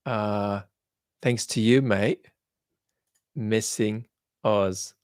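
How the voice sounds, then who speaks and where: A man's voice: medium pitch, unhurried, no room sound. A man with a mid-range voice hosts a live stream, thinking aloud with plenty of ums before landing on blunt judgements. His accent is mixed, with traces of Australian and London. The sound is dry and close. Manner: thoughtful, hesitant with many ums, blunt in judgement. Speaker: livestream host. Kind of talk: live chat commentary reading viewer comments.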